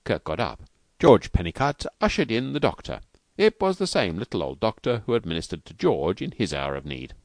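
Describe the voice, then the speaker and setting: A man reading a novel aloud as an audiobook with expressive delivery. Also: lowish voice, brisk, few pauses, no room sound. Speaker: audiobook reader. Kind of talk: audiobook narration.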